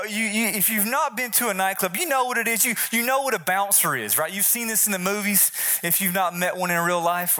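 A man's voice: high voice, sharp tone. A male pastor giving a conversational sermon, often repeating and restarting his phrases.

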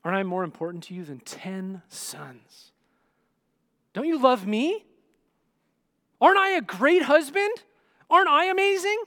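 A man's voice: high voice, moderate pace, gravelly, in a large hall. A man voicing an exasperated, defensive husband who pleads in rising questions. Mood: needy.

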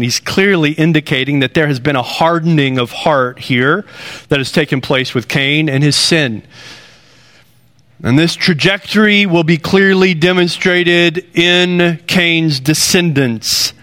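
A male pastor preaches with earnest, conversational emphasis, letting his phrases climb as he drives a point home. His voice sits a little high and rings bright and clear. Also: moderate pace. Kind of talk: sermon.

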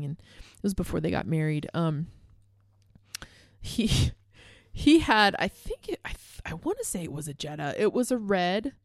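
A woman's voice: fairly low pitch, no echo, clean studio sound. Rambling woman saying "like" and "dude". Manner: rambling, self-correcting storyteller, says "like" and "dude" a lot. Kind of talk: casual chat.

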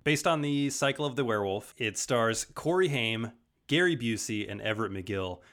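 A man in a medium register talks films in a relaxed way. He runs through facts about a movie, then gives his own opinion of it. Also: medium pitch, normal speed, over music. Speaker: podcast co-host. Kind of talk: casual film discussion.

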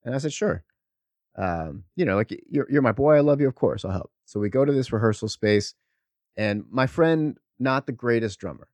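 A man co-hosting a podcast, telling stories in a casual, animated, profane way. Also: medium pitch, normal speed, no echo. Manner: profane, animated storytelling with laughs. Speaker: podcast co-host. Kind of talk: casual chat, storytelling.

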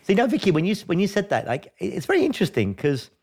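A man's voice: high-pitched, wildly swooping pitch, racing, darkish tone, slightly rough. A man hosting a conversational interview, chatty and curious, with stumbling restarts. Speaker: host.

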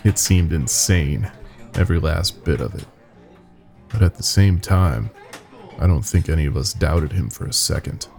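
Deep gravelly man narrating horror. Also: animated, moderate pace, darkish tone, soft background music. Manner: grim, wry. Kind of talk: first-person horror story narration.

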